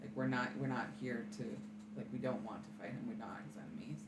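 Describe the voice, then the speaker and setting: A woman's voice: rumbling low, fast talker. A woman playing a tabletop game in a playful, casual way. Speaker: player. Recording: echoey room with noise.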